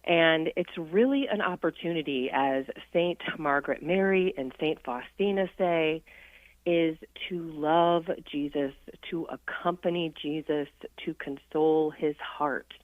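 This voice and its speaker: A woman with a deep voice calls in as a guest on a Catholic radio show, speaking at a measured pace about faith. She's earnest and reflective in this casual spiritual chat, laughing easily, and the tinny phone line sounds dry with no room sound.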